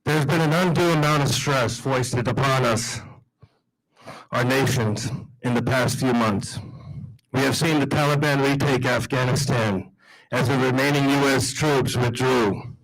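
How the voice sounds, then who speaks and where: An earnest man delivers a prepared speech at a breakfast event. His delivery is measured and formal, and his voice sits at an ordinary middle pitch. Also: poor audio. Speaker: guest speaker, veterans' group leader.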